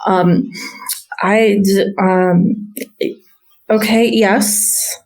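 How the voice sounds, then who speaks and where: A woman's voice: medium pitch, fairly even intonation, extremely slow, darkish tone, poor audio. Woman doing a shy stammering young stablehand. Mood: nervous. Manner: hesitant, stammering.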